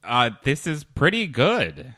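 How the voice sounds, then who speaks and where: A man hosting a comedy podcast, reading stage directions in a lively, upbeat way in a comedic script read-through. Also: mid-range voice, slow, dry recording, studio quality.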